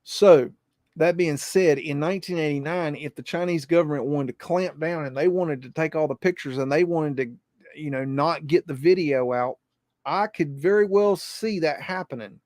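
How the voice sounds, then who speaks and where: A man hosts a live podcast and rambles, repeating himself and swearing freely. His voice sits a bit high. The sound is dry and close. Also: normal speed, a little mellow, dry recording. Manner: rambling, repetitive, profane. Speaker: podcast host.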